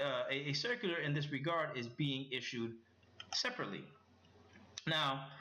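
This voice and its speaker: Fast-talking man reading crypto news. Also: a little high, bright, forceful tone. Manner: fast talker with frequent restarts and fillers. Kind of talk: casual reading and commentary on articles. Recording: echoey room, dull lo-fi sound.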